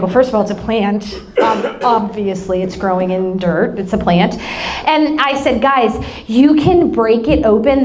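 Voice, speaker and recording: A woman in her thirties with an American accent, a pastor preaching a sermon and telling a family story with laughing asides. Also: on the high side.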